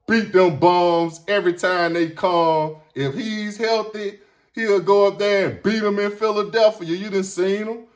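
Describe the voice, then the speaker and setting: A man's voice: fairly high pitch, fairly bright tone. A man hosting a sports talk show, delivering a fired-up, combative monologue full of repeated hype lines. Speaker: sports radio host.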